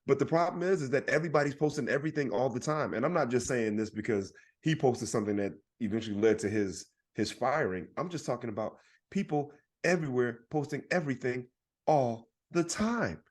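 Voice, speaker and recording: A man, a comedian co-hosting a podcast, talking in an animated, emphatic way and often checking for agreement. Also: medium pitch, fairly quick. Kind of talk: casual podcast chat.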